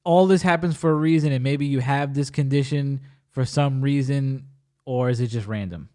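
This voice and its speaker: A man's voice: medium pitch, moderate pace, dark tone. A man hosting a podcast in casual chat, joking and cutting in with questions. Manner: joking, interjecting. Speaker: podcast host.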